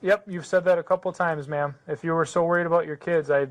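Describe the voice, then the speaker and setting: A man working as a police sergeant, talking in a calm, flat, businesslike way. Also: fairly high pitch, fast talker.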